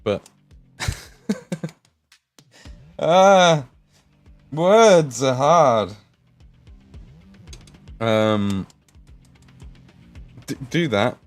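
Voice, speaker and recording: A man's voice: mid-range voice, expressive, drawn-out words, pauses often, soft background music. A man with an English Midlands accent, hosting a casual livestream while painting miniatures, chatting, swearing and laughing as he reads the chat. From England.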